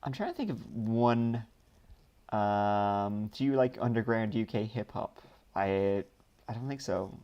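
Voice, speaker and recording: A Dublin man reads viewer questions aloud on a live stream and answers them casually, with lots of ums and rambling asides. His voice is fairly low, animated and darkish, smooth, a little slow, and the highs are cut off.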